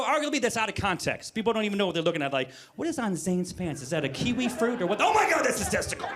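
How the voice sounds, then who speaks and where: A man in his forties tells a long stand-up story into a handheld mic on a live stage. His voice sits a bit high for a man, and he stays animated throughout. He jumps into loud acted-out moments. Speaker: stand-up comedian.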